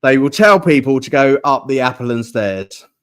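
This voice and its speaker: Man, podcast host, casual chat, playful, laughing, middle pitch. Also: animated, normal speed, fairly bright tone, smooth. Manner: chatty, laughing, mimics accents.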